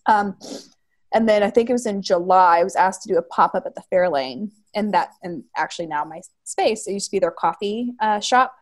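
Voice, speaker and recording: A bubbly woman in her thirties tells her stories in a lively, chatty way, with a voice of ordinary height for a woman. She fills her talk with "like". Her delivery is animated and warm with enthusiasm. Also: mid-range voice, fairly quick. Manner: bubbly, lively storyteller, frequent "like". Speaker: guest, cheese shop owner. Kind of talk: casual chat.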